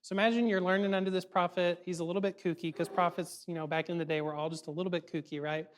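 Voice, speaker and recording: A man giving a casual youth sermon, animated and chatty, full of fillers and quick check-ins with his audience. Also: high-pitched. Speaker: youth ministry speaker.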